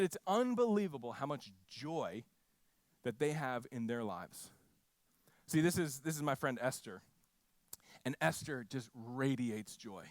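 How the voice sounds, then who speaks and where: A man preaching a sermon, telling a mission story with frequent restarts and lively quoted voices. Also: fairly high pitch, no room sound. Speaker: pastor.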